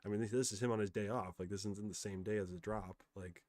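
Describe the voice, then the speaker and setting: A man's voice: lowish voice, steady tone, fast talker, a little mellow, dry recording. A young man hosting a live stream, rambling and frustrated as he rants, with many fillers. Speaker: streamer host. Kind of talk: live stream commentary, ranting.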